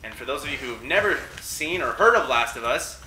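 A man's voice: mid-range voice, animated, brisk, bright, forceful tone. A young man casually commenting on a video game, rambling and joking between digressions. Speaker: let's play co-host. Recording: roomy with faint noise.

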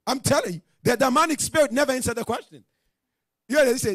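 A man's voice: very high voice, lively intonation, normal speed, fairly bright tone, no echo, clean studio sound. A man teaching a religious class in a sermon style, emphatic and direct, often asking his listeners whether they understand.

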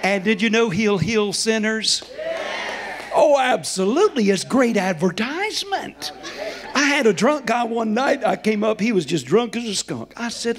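A man's voice: high-pitched, lively intonation, normal speed. A middle-aged man preaching as a guest in a church, telling stories in a folksy, chuckling way. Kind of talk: storytelling sermon. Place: church sanctuary.

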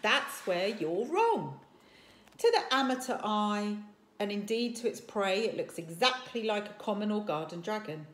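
A woman voicing an eager, know-it-all young Viking boy in a children's story, talking fast and earnestly, in an echoey room. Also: mid-range voice, sing-song, fairly bright tone.

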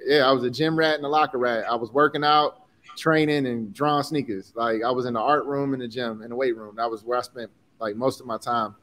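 Man, 40s, from Chicago, candid interview guest, earnest, emotional, slangy, mid-pitched. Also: steady tone, brisk, a bit bright. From Chicago, USA. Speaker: guest, designer and entrepreneur.

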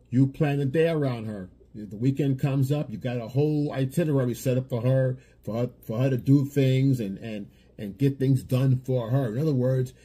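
A man's voice: medium pitch, warm tone, breathy edge. A man giving blunt dating advice in a lecturing monologue, often repeating himself. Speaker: dating coach.

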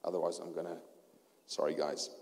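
A man with a South African accent preaching a sermon and telling his story, going from hushed tones to loud preaching. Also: sits low, flat delivery, fairly quick, gravelly. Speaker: pastor. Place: church hall. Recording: long hall reverb.

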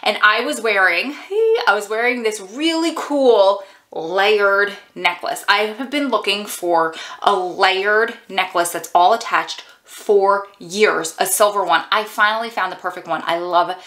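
Chatty woman with a bright voice. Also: mid-range voice, measured pace. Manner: chatty and animated, talks to viewers as "girl". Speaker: vlogger, prison wife. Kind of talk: storytime vlog chat.

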